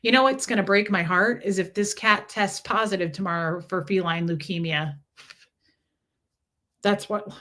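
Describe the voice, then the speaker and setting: Bright-voiced woman chatting on a livestream. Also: medium pitch, normal speed. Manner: chatty, reads out chat messages, coos at a kitten. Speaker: livestream host. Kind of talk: casual livestream chat.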